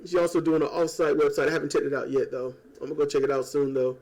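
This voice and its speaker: A man talking at home in a casual political rant. He rambles, swears and turns sarcastic, tossing in quick mocking impressions. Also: a little high, flat delivery, darkish tone. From United States. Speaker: YouTuber. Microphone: old desk microphone.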